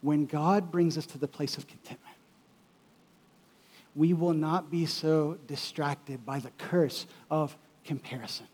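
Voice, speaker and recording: A male pastor with a high-pitched voice preaches in church. He is emphatic and repeats key phrases for weight. He swings from loud to quiet as he drives his points home. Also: fairly even intonation, measured pace, slightly rough. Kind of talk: sermon.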